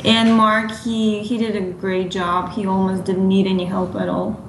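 A woman's voice: mid-range voice, flat delivery, normal speed, creaky. Woman, roomy faint-noise sound. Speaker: dialect coach guest. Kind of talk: casual panel chat.

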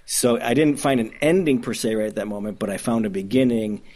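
A man's voice: mid-range voice, a little fast, mellow, a little hiss or hum. A man from Detroit with a Midwestern accent, a documentary filmmaker talking in a casual interview, enthusiastic and rambling with many restarts. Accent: Midwestern American. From Detroit, Michigan.

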